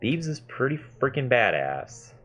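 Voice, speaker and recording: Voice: medium pitch, big pitch swings, unhurried, a bit bright. A gamer in their mid twenties giving chatty, self-mocking gameplay commentary and swearing freely. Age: mid 20s. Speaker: gaming video host.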